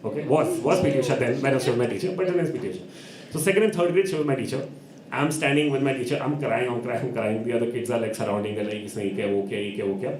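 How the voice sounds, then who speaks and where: A man's voice: mid-range voice, racing. A young man telling a comic story at an open mic and acting out the people in it. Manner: animated, acts out voices of people in his story. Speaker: open mic performer and host. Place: performance venue. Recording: echoey room with background noise.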